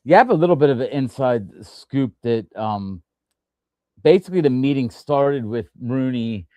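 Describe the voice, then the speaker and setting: A man's voice: medium pitch, animated, normal speed, dark tone. A man hosts a casual sports talk show in a mid-range voice. He rambles and restarts his sentences often, filling gaps with "um." The recording is dry, with no room echo. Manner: rambling, many restarts and fillers. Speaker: podcast host.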